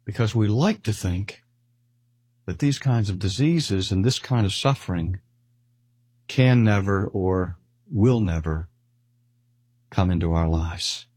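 An older man preaching a sermon, measured and deliberate, slowing down to stress key words. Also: deep voice, animated, darkish tone, husky, no echo. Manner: measured, with slow emphatic pauses. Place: speaking at a cancer hospital.

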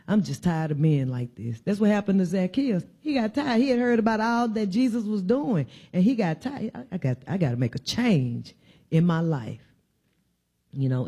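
A woman's voice: lowish voice, mellow. A woman giving an informal sermon in a church, preaching conversationally and driving her points home with repeated emphatic phrases. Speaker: church speaker.

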